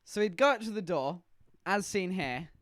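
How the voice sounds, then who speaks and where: A man telling a story to his live-stream chat, animated and laughing, teasing the viewers. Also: high voice, normal speed, no room sound.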